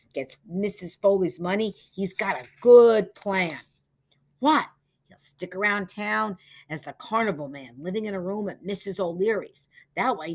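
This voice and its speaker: A woman's voice: medium pitch, breathy edge, pitched above the performer's own voice. A woman voicing an earnest, determined young boy who explains things urgently.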